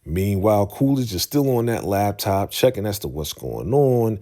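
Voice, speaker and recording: A man hosting a casual show-recap vlog, telling the story in an animated way and acting out the scenes, speaking into a podcast microphone. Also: fairly low pitch, normal speed.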